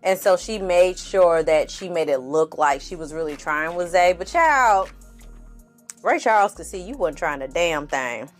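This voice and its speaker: A woman talking through a reality TV recap with a lively voice that swings up and down as she reacts. She laughs a lot, swears freely and keeps calling her viewers "honey." Faint music plays under her voice. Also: fairly low pitch, measured pace. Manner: animated, laughs often, profane, addresses viewers as "y'all" and "honey". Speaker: TV recap host.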